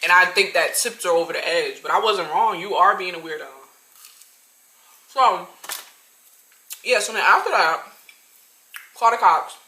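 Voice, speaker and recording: Bright, animated young woman storyteller. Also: on the low side, measured pace, long pauses, a little hiss or hum. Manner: animated, talks straight to viewers as y'all. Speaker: vlogger. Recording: roomy echo.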